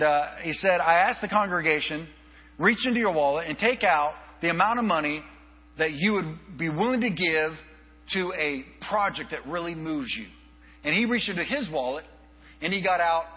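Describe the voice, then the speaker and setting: Male pastor, lively storyteller, slightly husky, muffled sound with a hum under it. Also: on the high side, normal speed. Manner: animated storyteller, acts out quoted voices. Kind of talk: storytelling sermon. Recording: reverberant hall, dull lo-fi with mains hum.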